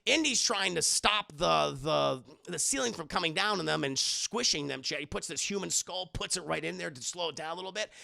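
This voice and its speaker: A young man with a gravelly, bright and high-set voice, retelling a film to his chat. He speaks into a close mic in a dry room. He breaks into a different voice for each character, and he swears freely. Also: animated, a little fast, few pauses, dry recording. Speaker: streamer reviewing a movie. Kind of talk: animated retelling to a live chat.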